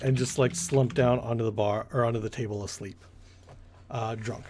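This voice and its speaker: A man's voice: medium pitch, steady tone, normal speed, darkish tone, slight background noise. A man running a tabletop game as game master, narrating loosely and correcting himself as he goes. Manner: rambling, corrects himself often.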